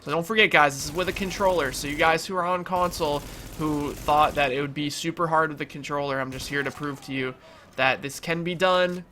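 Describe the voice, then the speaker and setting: A man's voice: on the high side, fairly even intonation, a little fast, sharp tone, slight background noise. Nasal young man narrating his gameplay. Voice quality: nasal from allergies. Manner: chatty, filler-heavy, reassuring the viewers. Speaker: gaming YouTuber. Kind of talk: casual gameplay commentary.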